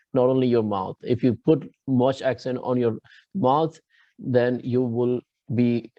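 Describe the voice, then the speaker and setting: A man's voice: medium pitch, mellow, no echo, muffled recording. A man with an Indian English accent teaching pronunciation in a live online class, explaining step by step and checking in with his students. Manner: explains slowly with frequent restarts, checks understanding with students.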